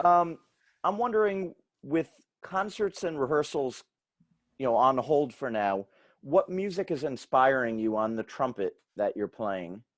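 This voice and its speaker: A man's voice: medium pitch, animated, measured pace. A man calling in to an online interview, politely asking a question.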